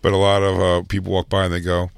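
A man in a casual chat, relaxed and making joking asides. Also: low voice, fast, creaky, clear, resonant tone, no room sound. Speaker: comedian guest.

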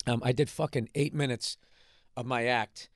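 A male comedian telling stories in a casual radio studio chat, profane and animated, with a throat a little rough from a cigar. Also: medium pitch, moderate pace, dry recording. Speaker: comedian guest.

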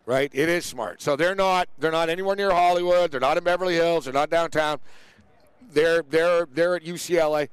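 A man's voice: fairly high pitch, a little fast, smooth, no room sound. A man hosting a casual sports chat show, telling stories animatedly and acting out the people he quotes. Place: outdoors near a big event.

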